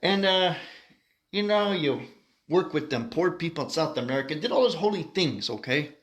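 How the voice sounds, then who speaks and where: A brash, street-talking South Sider with a thick Chicago accent, as a man puts him on in a comic monologue. His voice sits high and bounces up and down, and he talks bluntly, leaning on slang and "you know". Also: animated, moderate pace, natural voice.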